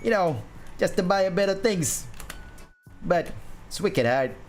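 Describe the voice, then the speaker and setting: A man's voice: high-pitched, animated, a little slow, soft background music. A man putting on a playful, exaggerated Australian bloke impression while drawing on stream. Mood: joking. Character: jokey mock-Australian bloke, adult man.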